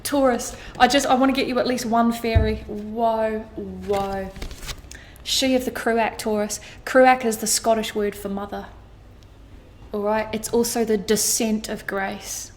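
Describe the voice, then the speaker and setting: A woman's voice: on the high side, fairly even intonation, a little slow, a little hiss or hum. A woman giving a tarot reading to her viewers, earnest and emotional, often repeating her phrases and swearing casually. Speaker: tarot card reader. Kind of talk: astrology tarot reading monologue.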